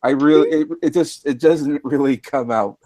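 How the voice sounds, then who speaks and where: A man's voice: fairly high pitch, steady tone, moderate pace, dark tone, dry recording. A man hosting a casual group stream chat, talking hesitantly with many fillers and restarts. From Canada.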